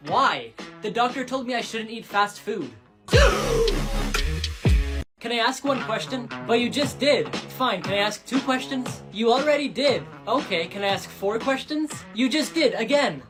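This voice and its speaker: A woman performing quick comedy skits, delivering deadpan punchlines. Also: a little high, music in the background. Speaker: skit comedian.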